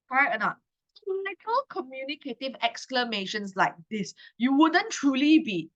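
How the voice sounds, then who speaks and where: Malaysian woman tutor, 30s, chatty class delivery with a bright edge on dull lo-fi audio. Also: high-pitched, lively intonation, moderate pace. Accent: Malaysian English. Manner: chatty, tags lines with "okay?". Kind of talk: exam-prep class.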